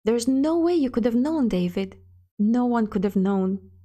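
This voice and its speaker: A woman's voice: on the high side, animated, a little slow. A woman voicing a kind, protective middle-aged wife who soothes her husband, in a story reading. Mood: worried. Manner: soothing, gentle.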